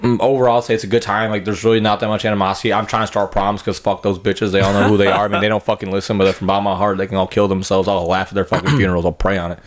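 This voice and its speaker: Racing along with hardly any pauses, this man in his twenties speaks in a lowish, level voice. He hosts a podcast of crude, casual chat, swearing through rambling stories and performing other people's lines.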